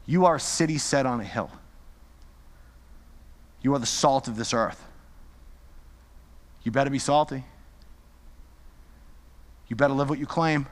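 A man's voice: medium pitch, unhurried, long pauses, long reverb tail. A male pastor preaching a sermon with impassioned, repetitive exhortations.

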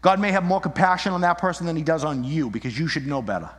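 A man preaching a sermon, animated, acting out little scenes and shifting his voice as he argues. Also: fairly high pitch, quick pace. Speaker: pastor. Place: church. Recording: long reverb in a hall.

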